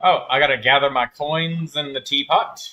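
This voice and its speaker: A man's voice: medium pitch, steady tone, moderate pace, bright, forceful tone, muffled recording. A man chatting casually and teasing others while he streams a game, laughing often. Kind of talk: casual live-stream chat while gaming.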